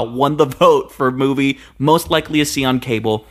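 A man's voice: mid-range voice, normal speed, few pauses, music in the background. A young man co-hosting a casual movie podcast, exclaiming and playfully putting on an announcer manner. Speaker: podcast co-host.

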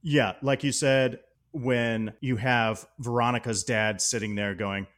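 A man's voice: lowish voice, steady tone, moderate pace, fairly bright tone. A man co-hosting a podcast, talking casually and enthusiastically about a movie, laughing often. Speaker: podcast co-host. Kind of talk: casual film discussion.

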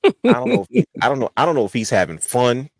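A man's voice: medium pitch, huge pitch swings, fast, vocal fry, no echo. A man hosting a wrestling podcast, telling a long rambling story in casual chat. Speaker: podcast host.

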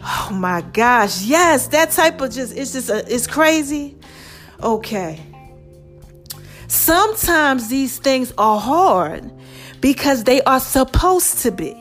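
A woman hosting her own online show, talking casually and warmly to her viewers, calling them "baby" and repeating phrases to drive her point home. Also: sits high, big pitch swings, slow pace, faint music behind. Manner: affectionate, calls listeners "baby" and "y'all"; preachy, repeats phrases for emphasis. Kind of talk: casual motivational talk to viewers.

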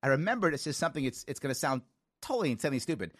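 A man in his forties from the Bronx, hosting a talk show and telling stories with lively quoted voices. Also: mid-range voice, rapid-fire, dry recording, clean studio sound. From New York (the Bronx). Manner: animated storytelling with quoted voices.

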